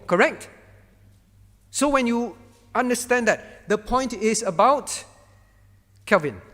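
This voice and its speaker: A man's voice: sits high, big-room sound. A man as pastor teaching a Bible class, quizzing his students by name and hammering home his point through repetition.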